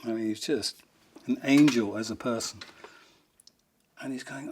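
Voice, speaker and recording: Guitarist guy spinning funny road stories, rambly and amused, mid pitch. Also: moderate pace, a little mellow, a little hiss or hum. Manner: rambling, amused, breaks into laughter, fond of the subject. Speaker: rock guitarist telling stories. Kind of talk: anecdotal storytelling in an interview.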